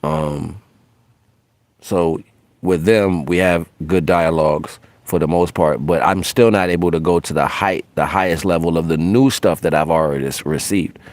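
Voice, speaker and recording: A man's voice: sits low, fairly even intonation, normal speed, a little mellow, no echo. A man hosting a spiritual livestream in a brash, profane, casual way, laughing often.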